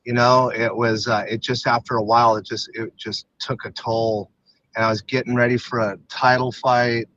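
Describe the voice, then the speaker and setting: Man, podcast guest, frank and halting, ordinary mid pitch, dull dry recording. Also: little pitch movement, a bit bright, dry recording. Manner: halting, open, many fillers and restarts. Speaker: podcast guest, retired MMA fighter. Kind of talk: candid personal storytelling.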